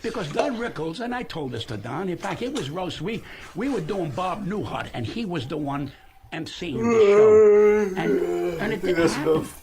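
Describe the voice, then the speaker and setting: A man's voice: high-pitched, moderate pace, over a noisy crowd. Brash, profane man in his seventies. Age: 70s. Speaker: comedian guest on a radio show. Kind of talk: radio interview storytelling. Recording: archived radio clip with steady hiss.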